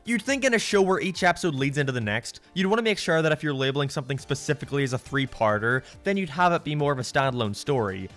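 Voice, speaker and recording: A man rants through a cartoon review with biting sarcasm and frequent swearing. His voice sits somewhat high and leaps around with animated exasperation. Soft music plays faintly underneath. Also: quick pace, hardly any pauses. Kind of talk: ranting review commentary.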